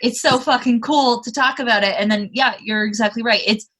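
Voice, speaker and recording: Young woman co-host roasting a movie, swears a lot, bright high voice. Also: brisk, breathy edge. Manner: profane, animated, laughs often. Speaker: podcast co-host. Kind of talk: casual comedic movie review chat.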